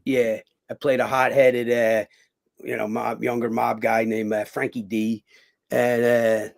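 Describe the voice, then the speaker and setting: Middle-aged guy, gravelly voice, rambly interview guest, lots of um and uh and restarts, swears a bit. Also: mid-range voice, little pitch movement, takes it slowly. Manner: rambling storyteller, many fillers and restarts, swears casually. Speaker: guest, actor and former boxer. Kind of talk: casual interview chat.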